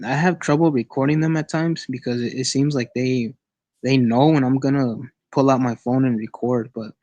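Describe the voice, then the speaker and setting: A man sharing a personal experience as a guest on an online call, in a casual, halting way with many restarts and repeated words. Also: mid-range voice, a little mellow, dry recording.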